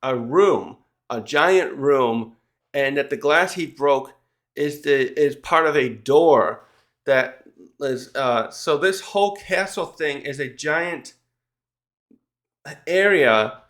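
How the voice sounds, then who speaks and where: A man's voice: mid-range voice, slow, a bit bright. A man casually recapping a manga chapter in a rambling, chatty way, with frequent restarts and small laughs.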